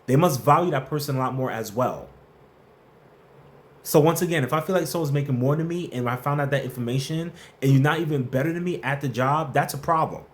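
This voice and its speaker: A man's voice: a little high, brisk. A man hosting a casual workplace advice livestream, answering viewer questions and greeting the chat by name in a playful, slangy way.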